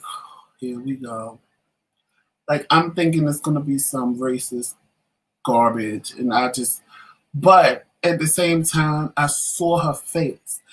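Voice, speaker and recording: In a low-quality recording, a man with a fairly high voice co-hosts a casual talk show. He tells a story with animation, acting out the quotes and voices of the people in it.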